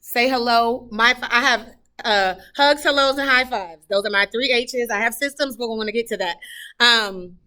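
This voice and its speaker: A woman's voice: a little high, normal speed, bright, forceful tone. A woman who teaches third grade, giving a heartfelt, rambling tour of her classroom, talking casually with lots of fillers. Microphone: camera she carries while touring.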